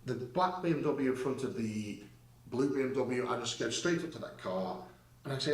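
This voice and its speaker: A man's voice: medium pitch, expressive, normal speed. A man bluntly retelling a confrontation in his own words, swearing often and speaking with rising heat. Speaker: guest recounting an incident. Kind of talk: storytelling in a clip. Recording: roomy, distant clip audio.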